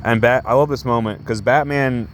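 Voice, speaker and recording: Guy rambling about a comic he loves, mid-pitched voice, lots of "like" and restarts. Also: steady tone, moderate pace, a little hiss or hum. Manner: rambling and enthusiastic, full of "like" and restarts. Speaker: comic book reviewer. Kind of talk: casual review vlog.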